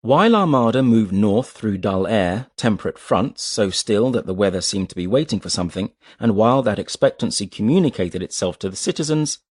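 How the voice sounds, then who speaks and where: A man with a very low, deep voice reads an audiobook steadily and evenly. The sound is dry and close, with no room around it. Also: darkish tone, no echo. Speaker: audiobook narrator. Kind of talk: scripted narration.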